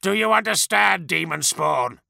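A man's voice: high-pitched, animated, a little slow, creaky, pushed and bright, no echo, studio quality, pitched above the performer's own voice, full character voice. A man voicing a hard-bitten male warrior, zealous and grim. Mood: fierce.

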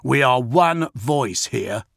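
A man's voice: medium pitch, lively intonation, slow, gravelly, a bit bright, dry recording, clean studio sound, exaggerated voice. A man voicing a snapping, scornful warrior commander. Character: arrogant, hot-tempered male warrior commander. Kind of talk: audiobook character voice.

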